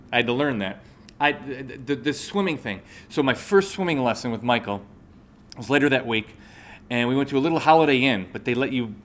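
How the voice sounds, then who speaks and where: Addressing a live audience, this motivational speaker in his forties tells a story from his own life and often checks in with the crowd. His mid-range voice is a bit bright, and slight background noise is present.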